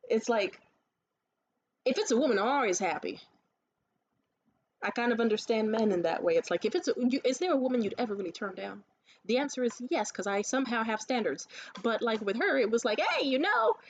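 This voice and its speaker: A woman ranting casually to the camera, telling stories in a lively, profane way and acting out other people's lines. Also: fairly high pitch, highs cut off. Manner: animated, profane storytelling; acts out others' lines in quick asides. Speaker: vlogger.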